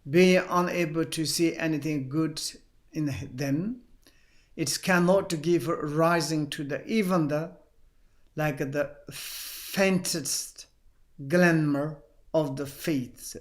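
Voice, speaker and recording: A male Buddhist teacher gives a dharma teaching in a somewhat high voice. His English is halting and non-native, and he leans on fillers like "like" and "kind of" as he retells a story. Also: steady tone.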